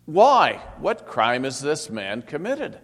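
A man's voice: a little high, huge pitch swings, slow pace, pitched above the performer's own voice, full character voice. Governor figure read by a man: insistent, pleading, hall reverb. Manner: raised, insistent questioning. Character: Roman governor, troubled and pleading.

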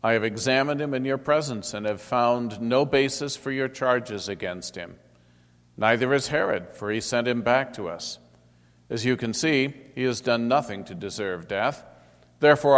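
A man's voice: medium pitch, normal speed, natural voice. A man reading as a troubled, pleading governor. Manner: raised, insistent questioning. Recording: long hall reverb.

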